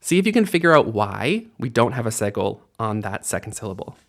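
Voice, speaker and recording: A man's voice: fairly low pitch, big pitch swings, a little fast. A man teaching an online language lesson in a casual, friendly way, explaining grammar and repeating words aloud for practice. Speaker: Hebrew teacher.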